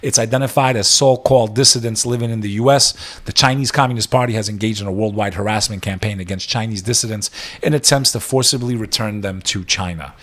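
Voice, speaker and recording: A man's voice: lowish voice, a bit bright. A man, hosting a news reaction podcast, reading headlines aloud and breaking into profane, sarcastic rants.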